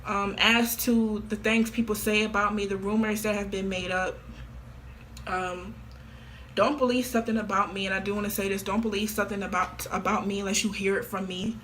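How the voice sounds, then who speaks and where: A woman's voice: medium pitch, flat delivery, fairly quick, fairly bright tone, a little hiss or hum. A woman talking casually to camera in an offhand, slangy and repetitive way. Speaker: vlogger.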